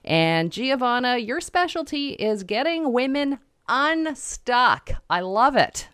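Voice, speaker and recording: A woman's voice: fairly high pitch, big pitch swings, slow, fairly bright tone, clear, resonant tone, no room sound, clean studio sound. A woman hosting an interview, upbeat and effusive with playful teasing asides. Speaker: interview host. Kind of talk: casual interview.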